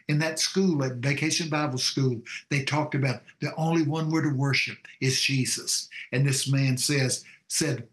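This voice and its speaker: Fervent preacher man, echoey. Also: medium pitch. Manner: folksy storyteller, fervent preaching cadence. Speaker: pastor and show guest. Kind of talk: preaching testimony on a call-in show.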